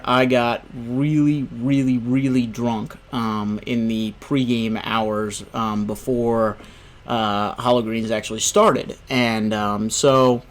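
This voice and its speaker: A young man hosting a gaming video, telling a story in a casual, rambling way, full of "you know" and "right?". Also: medium pitch. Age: young adult.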